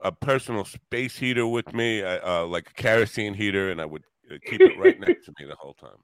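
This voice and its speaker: A man's voice: fairly low pitch, a little fast, clear, resonant tone, no echo. A man hosting a podcast in casual chat, rambling in a gloomy, self-mocking way with crude jokes. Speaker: podcast host.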